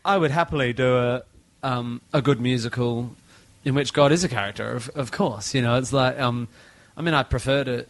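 A man's voice: mid-range voice, fairly even intonation, normal speed, hardly any pauses, no echo, rough recording. A man, a podcast guest, talking casually and animatedly with many restarts and fillers.

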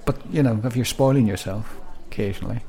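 A man's voice: medium pitch, fast talker, creaky, dark tone. A man with a British accent, co-hosting a podcast in casual chat, rambling and restarting his sentences with frequent laughs. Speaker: podcast co-host.

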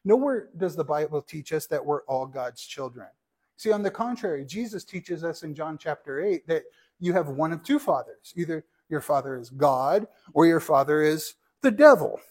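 Male pastor delivering a sermon, earnest and teacherly, asides to the congregation, voice pitched slightly high. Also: expressive, normal speed, darkish tone.

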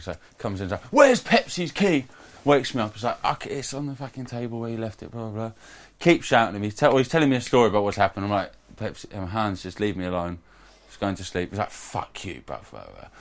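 A young man, telling a crude story casually among friends, swearing often and acting out the people he quotes. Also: on the low side. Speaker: podcast regular telling a story.

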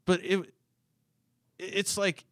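A man's voice: high voice, level tone, slow pace, fairly bright tone, dry recording, clean studio sound. A man co-hosting a podcast in casual chat, ranting and swearing, exasperated. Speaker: podcast co-host.

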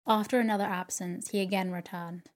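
Reading from a classic novel to help listeners sleep, a woman speaks in a medium pitch with a slow, even, calming delivery.

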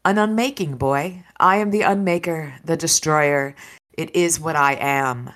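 An ancient, grim fairy crone, read aloud by a woman who names herself the destroyer. She speaks in slow, solemn pronouncements, her low voice carrying a bright, forceful edge.

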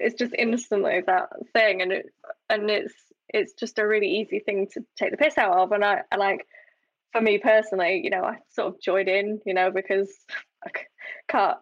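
A woman's voice: medium pitch, no room sound. A woman speaking in an easygoing, reflective way in casual podcast talk. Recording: dull, dry recording.

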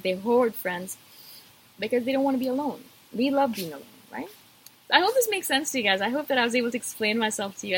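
A woman's voice: mid-range voice, slight background noise, poor audio. A woman vlogger talking casually to camera, emphatic and repetitive, addressing her viewers directly.

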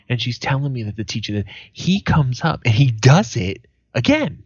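A man's voice: medium pitch, moderate pace, breathy edge, no room sound, muffled recording. A man, co-hosting a podcast and telling profane stories in a casual chat. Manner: profane storytelling, animated quoted voices. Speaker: podcast co-host.

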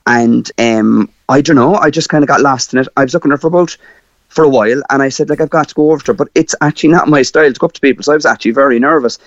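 A man from Ireland with a Cork accent, a guest telling a personal story in a lively way with many fillers. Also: mid-range voice, rapid-fire, no echo, dull audio. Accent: Cork Irish.

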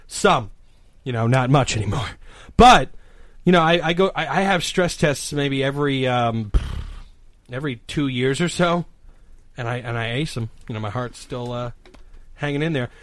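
A man's voice: mid-range voice, normal speed, a bit bright, dry recording. A man co-hosting a casual podcast chat, joking boisterously about himself and his friends. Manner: boisterous, self-mocking banter. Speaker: podcast co-host.

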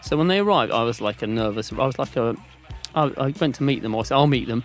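A man in casual chat as a podcast co-host, telling stories with animated quoted voices. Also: medium pitch, fast, faint music behind.

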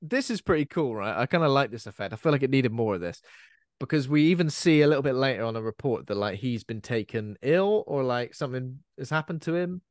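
A man's voice: mid-range voice, expressive, brisk, no echo, studio quality. A man co-hosting a podcast, chatting casually about a film and wandering from point to point. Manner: chatty, digressive, often quotes characters in silly voices. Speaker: podcast co-host. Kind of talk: casual film-review chat.

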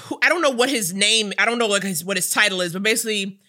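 A woman's voice: mid-range voice, fast, sharp tone. A woman from the United States co-hosting a podcast in a sassy, playful chat. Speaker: podcast co-host. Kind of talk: casual chat.

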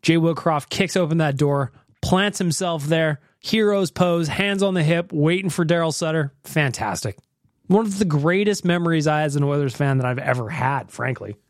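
A man's voice: a little high, no room sound, studio quality. A man hosting a casual podcast, chatty and rambling, joking as he plays listener voicemails. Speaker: podcast host. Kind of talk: casual chat.

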